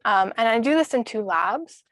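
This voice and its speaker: A woman's voice: fairly high pitch, animated, moderate pace, a bit bright, no room sound. A young woman from the Netherlands, a graduate student, giving a friendly, explanatory science lecture.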